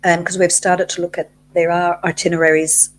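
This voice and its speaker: An Australian woman co-hosting a casual cruise chat livestream muses aloud and corrects herself as she goes. Her voice is lowish, her delivery flat and a little fast.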